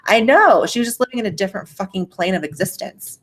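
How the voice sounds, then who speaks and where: A woman's voice: mid-range voice, brisk, hardly any pauses, fairly bright tone. A woman hosting a casual livestream and reading super chats aloud, blunt and profane, on a faulty mic that keeps cutting out. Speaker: livestream host.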